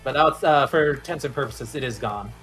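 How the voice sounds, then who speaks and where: A man running a tabletop game as dungeon master, narrating in a relaxed, halting way with many fillers. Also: mid-range voice, soft background music.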